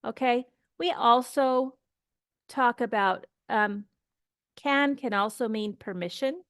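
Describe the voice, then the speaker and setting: Slow, patient woman English teacher. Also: a little high, no room sound, studio quality. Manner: slow, patient, demonstrates pronunciation by repeating phrases. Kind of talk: grammar lesson.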